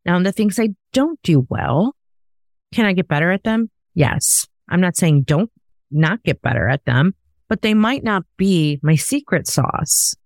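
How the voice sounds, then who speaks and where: A woman's voice: fairly low pitch, animated, unhurried, darkish tone, no echo. A woman hosting a podcast in casual conversation, talking in an emphatic, coaching way. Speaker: podcast host.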